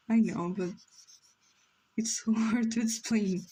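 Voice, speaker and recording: Mellow-voiced young woman chatting on stream. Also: medium pitch, steady tone, unhurried, husky, poor audio. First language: Spanish. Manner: rambling, reads chat aloud, many "like" fillers. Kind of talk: casual livestream chat while drawing.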